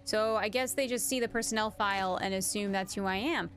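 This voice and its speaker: A woman's voice: mid-range voice, brisk, fairly bright tone, faint music behind. A young woman streaming a video game, chatting with viewers in a giggly, casual way and reading notes aloud. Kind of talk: casual live-stream commentary.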